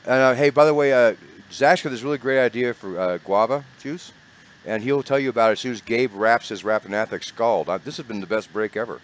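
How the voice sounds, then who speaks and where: A man's voice: mid-range voice, a little fast. A man teasing his friends in casual banter as a tabletop game player. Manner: teasing, lively.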